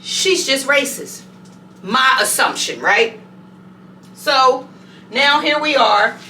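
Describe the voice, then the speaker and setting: A woman vlogger tells a story in a lively, conversational way, with a bright, fairly high voice. She is in a bathroom at home with hard, echoing walls. The mic sits some distance away and picks up a faint hiss. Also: takes it slowly. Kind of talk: storytime vlog.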